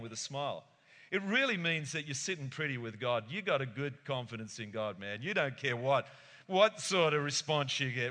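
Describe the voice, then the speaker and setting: A man delivers an animated sermon, slipping into voices for little acted-out chats. His tone is bright and forceful, pitched a touch high. The sound rings with the long reverb of a hall. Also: brisk. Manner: animated, acts out voices, laughs often. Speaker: pastor. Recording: echoey hall.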